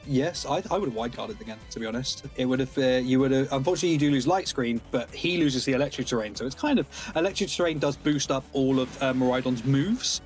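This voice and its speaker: A man giving live play-by-play commentary on a competitive game tournament, excitable and analytical. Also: medium pitch, quick pace, hardly any pauses, soft background music.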